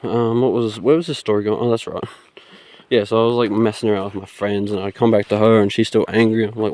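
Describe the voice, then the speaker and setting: A man's voice: on the low side, little pitch movement, fast, a little mellow, dry recording. A young man, rambling through a casual story into his phone, laughing and swearing as he goes. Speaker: vlogger. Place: outdoors.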